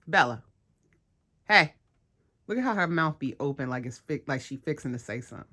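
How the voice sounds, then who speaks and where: Low-voiced chatty woman vlogger. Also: animated, fairly quick, long pauses, pushed and bright. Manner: chatty, laughing, talks to her dog in a playful scolding voice. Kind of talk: casual vlog chat.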